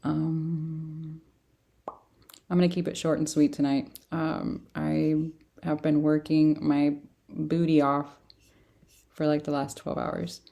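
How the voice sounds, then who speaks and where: Woman, lowish voice, tired, rambling, laughs a lot, casual livestream tarot reading. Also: flat delivery, takes it slowly, gravelly, pauses often, mellow. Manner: chatty, rambling, laughs often. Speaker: tarot reader.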